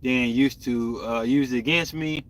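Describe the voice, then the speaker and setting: A man's voice: mid-range voice, fairly even intonation, a little slow, a bit bright. A young man hosting a podcast, talking candidly and loosely with his viewers. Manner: candid, rambling, talks to viewers. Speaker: podcast host. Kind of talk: casual live-stream chat.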